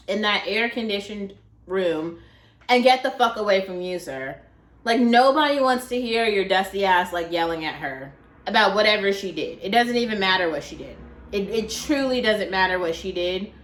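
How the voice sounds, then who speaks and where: A young woman vlogger telling a story in a chatty, animated way, filling her talk with "like". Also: medium pitch, normal speed. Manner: chatty, heavy use of "like", animated. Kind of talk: casual storytelling. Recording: echoey room.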